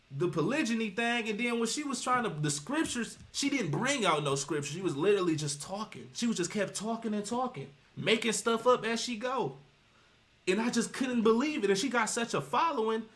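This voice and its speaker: A man streams casual commentary with a voice pitched a little above the usual male range. He preaches with emphasis, cites scripture and rambles, doubling back on himself as he goes. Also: fairly bright tone. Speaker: streamer commenting on reaction videos.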